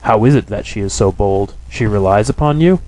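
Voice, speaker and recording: A man's voice: lowish voice, a little fast, mellow, natural voice, rough recording. A man reading the part of a brooding young man in an audiobook, asking blunt, bitter questions. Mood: probing.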